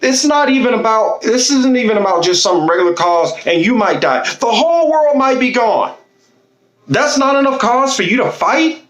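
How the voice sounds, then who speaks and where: A man's voice: very high-pitched, lively intonation, moderate pace, a bit bright, echoey room, low-quality recording. A man delivering a blunt, fiery political monologue, impassioned and swearing freely. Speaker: political commentator.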